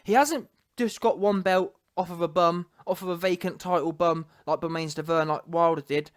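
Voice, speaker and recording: A man's voice: a little high, fairly even intonation, moderate pace, no room sound, clean studio sound. A man, a boxing commentator ranting casually to camera, emphatic and digressive, full of street slang.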